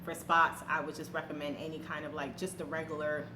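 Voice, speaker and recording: A woman's voice: low voice, little pitch movement, fairly quick, noisy background. A woman giving a casual, candid product review as a vlogger, talking with fillers and slang. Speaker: beauty vlogger. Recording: echoey room with faint ambience.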